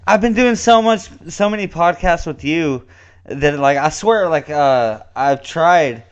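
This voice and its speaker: A young man chats loosely as a podcast co-host, his high voice climbing as he laughs. His speech runs a little slurred, and he rambles through stories, cursing freely. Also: expressive, measured pace, smooth, dull audio. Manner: rambling, laughs often, swearing. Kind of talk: casual chat.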